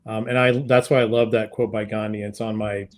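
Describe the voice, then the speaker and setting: A man's voice: lowish voice, little pitch movement, brisk. A man guest on an interview podcast, talking casually with many fillers and restarts as he tells a story. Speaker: podcast guest, sales consultant.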